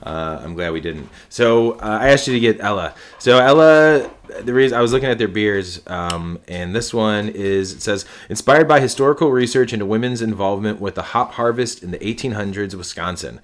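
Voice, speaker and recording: A man's voice: lowish voice, lively intonation, fairly quick, few pauses. A man hosting a podcast, chatting casually over beers and rambling with lots of restarts and swearing. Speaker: podcast host.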